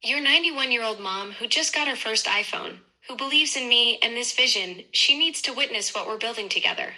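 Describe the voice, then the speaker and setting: Woman's voice, AI assistant, very bright, slightly high, effusive, upbeat. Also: brisk, rough recording. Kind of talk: chatty assistant replies.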